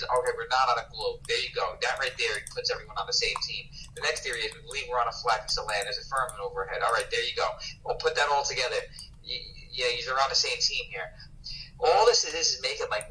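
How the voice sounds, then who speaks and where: A man's voice: mid-range voice, pushed and bright. A man ranting in a heated, casual livestream, emphatic and profane, stumbling over repeated words and calling the listener bro. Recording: distant mic with faint background noise.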